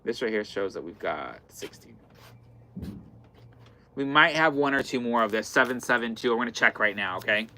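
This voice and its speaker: Bright-voiced man hosting a live sale. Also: medium pitch, lively intonation, moderate pace, pauses often, a little hiss or hum. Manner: chatty, repeats item numbers as he goes. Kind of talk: live-stream sales chat. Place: indoor fabric shop in the far north.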